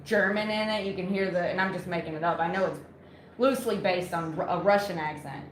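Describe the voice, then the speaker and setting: A woman's voice: lowish voice, brisk. Chatty woman, echoey room. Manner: chatty, playful, teasing. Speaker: co-host. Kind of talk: casual podcast chat. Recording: echoey room with faint background noise.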